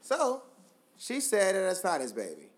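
A man's voice: high-pitched, wildly swooping pitch, unhurried. A man co-hosting a casual chat, telling stories loosely with lots of fillers, restarts and swearing. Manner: loose, profane, filler-heavy storytelling. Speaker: podcast co-host.

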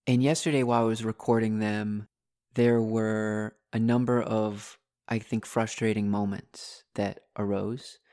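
A young man, a mindfulness teacher, talking candidly into a desktop mic in his bedroom, animated and venting frustration. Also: on the low side, unhurried. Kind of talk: casual candid vlog talk. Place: bedroom at home. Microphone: desktop USB condenser mic.

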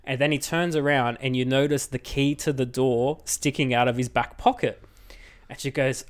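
A man co-hosting a board game podcast, telling a story in a casual, animated way and laughing often. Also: mid-range voice, normal speed. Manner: laughs often, animated retelling with acted quotes. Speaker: podcast host.

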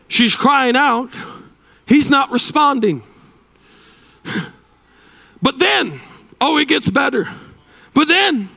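Pastor, sermon, high pitch, shouts then hushes, repetitive cadence. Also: male voice, vocal fry. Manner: shouting, dramatic swings between loud and hushed.

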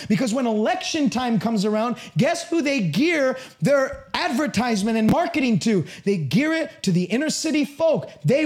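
High-pitched impassioned preacher man. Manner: impassioned, emphatic preaching with bursts of shouting. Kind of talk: sermon.

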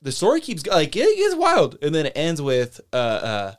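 A man's voice: on the high side, normal speed. A man co-hosting a podcast, casually retelling a story in a rambling way and acting out the quotes. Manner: rambling, retells stories with animated quoted voices. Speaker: podcast co-host. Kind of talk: casual chat.

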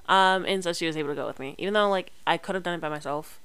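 A woman's voice: on the low side, rapid-fire, hardly any pauses, fairly bright tone, smooth, no room sound. A young woman chatting casually to her camera, rambling with many fillers and restarts. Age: young adult. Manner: chatty, rambling, lots of fillers and self-corrections. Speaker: vlogger.

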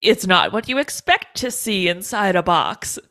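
A woman co-hosting a podcast, recapping a film in casual chat, lively and laughing. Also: mid-range voice, a little slow. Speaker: podcast co-host. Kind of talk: casual chat about a movie.

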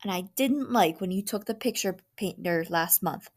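A woman's voice: medium pitch, moderate pace, lightly acted. A woman voicing a sulky spoiled boy in a storybook reading, curt and defiant.

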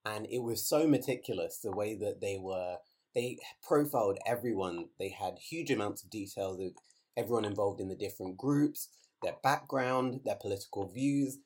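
Low-voiced male interviewer. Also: darkish tone. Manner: measured, inquisitive questioning with pauses. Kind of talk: interview questions.

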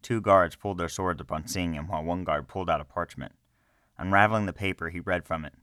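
A man reading a fantasy story aloud in a slow, measured way. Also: deep voice, a bit bright, dry recording, clean studio sound. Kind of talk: scripted narration of a fantasy story.

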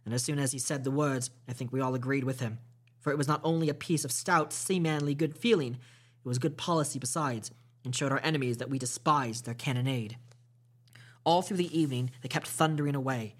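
A man reading a classic novel aloud for a podcast storytime. His narration is steady and measured, with a medium-pitched voice and the odd small slip.

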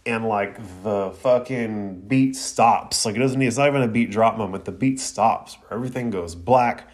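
A man reviewing an anime episode in a casual, slangy, excited way, laughing often. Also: lowish voice, normal speed.

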